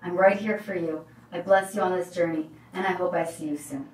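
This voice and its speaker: A woman who works as a life coach, telling a motivational story in an emphatic, animated way. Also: lowish voice, fairly quick. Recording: roomy, distant mic.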